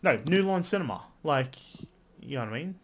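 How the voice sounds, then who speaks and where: A man co-hosting a podcast in casual chat, animated and quick to swear, his voice jumping up when he gets excited. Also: a little high, slight background noise. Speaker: podcast co-host.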